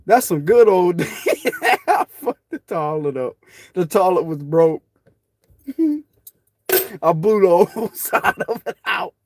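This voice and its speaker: A man's voice: high voice, expressive, takes it slowly, long pauses, darkish tone. A man chatting casually to viewers on his phone, joking, laughing often and swearing freely. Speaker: spiritual tarot channel host. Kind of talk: casual rambling chat to viewers.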